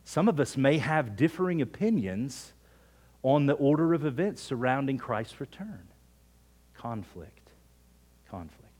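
A middle-aged man preaching a sermon as pastor, telling everyday stories with lively energy and dropping to hushed near-whispers for emphasis. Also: medium pitch, normal speed.

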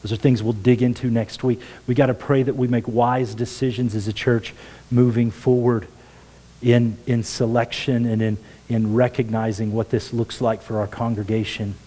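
Earnest pastor with a mellow voice. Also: male voice, medium pitch, level tone, normal speed, poor audio. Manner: earnest, drops to a hush for quoted words. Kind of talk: sermon. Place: church sanctuary.

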